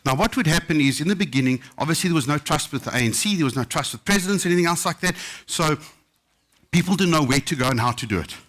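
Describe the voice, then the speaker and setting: Man telling a lively story. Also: a little high, fast talker. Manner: anecdotal, lively storyteller acting out quotes. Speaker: chef. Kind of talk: casual storytelling talk. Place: book festival stage.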